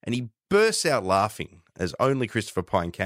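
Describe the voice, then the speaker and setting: An Australian man with a deep voice and lively, rising and falling intonation co-hosts a political podcast. He tells stories with animated energy. The recording is dry and close. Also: fairly quick, hardly any pauses, dry recording. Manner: animated storytelling. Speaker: podcast co-host. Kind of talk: casual political chat.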